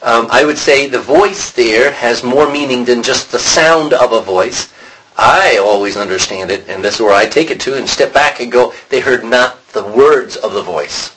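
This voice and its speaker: In a roughly recorded clip with slight background noise, a man leads an informal Bible study at normal speed in a mid-range voice. He's animated, putting questions to the class and acting out the lines he quotes.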